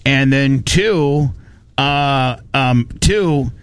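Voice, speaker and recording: A man hosting a radio show, telling a story in a fired-up, animated rant and quoting people as he goes. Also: mid-range voice, normal speed, slight background noise. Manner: animated, fired-up, quotes people in his retelling. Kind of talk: casual on-air storytelling rant.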